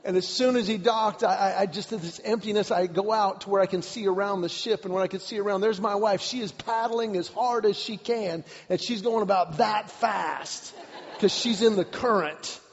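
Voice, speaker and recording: Gravelly high-voiced male preacher. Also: normal speed, slight background noise. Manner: animated storyteller who repeats words and shouts the climaxes. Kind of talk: sermon with personal storytelling. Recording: dull recording with long hall reverb.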